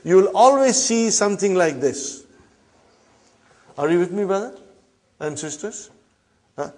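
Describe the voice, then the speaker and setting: A man teaching a classroom Arabic grammar lesson, reading Arabic phrases slowly and explaining them in English while checking on his students. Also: high-pitched, lively intonation, a little mellow. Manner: addresses students as brothers and sisters.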